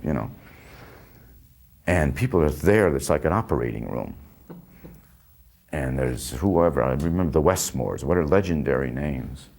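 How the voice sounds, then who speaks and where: A man's voice: extremely low pitch, gravelly, mellow. An older man telling a story about his past, rambling and breaking off mid-sentence with small chuckles. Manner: rambling, self-interrupting, chuckling. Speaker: actor recalling a film. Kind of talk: anecdotal storytelling.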